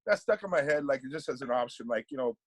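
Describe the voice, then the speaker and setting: A man's voice: mid-range voice, animated, fast talker, no room sound, poor audio. A middle-aged man from Panama, a guest in a casual podcast interview, talking animatedly and often repeating words as he thinks.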